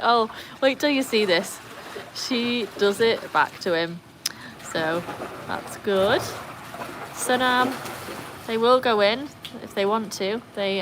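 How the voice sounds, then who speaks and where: A British woman hosting a casual livestream by her backyard pool, chatting and laughing often, cooing at her dogs in a high voice. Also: a bit bright, slight background noise. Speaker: livestream host.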